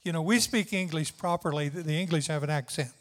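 A man's voice: on the high side, fast. An older man preaching a sermon with fervent, tender, repetitive emphasis. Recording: long hall reverb.

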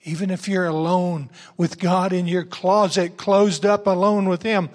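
A male preacher with a high, light voice who takes his time, letting each phrase land. He reads scripture verse by verse and drifts between soft, chatty asides to the congregation and loud, joyful exclamations. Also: level tone, a little slow, hardly any pauses. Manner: swings from quiet asides to loud exuberant exclamations. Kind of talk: sermon with scripture reading.

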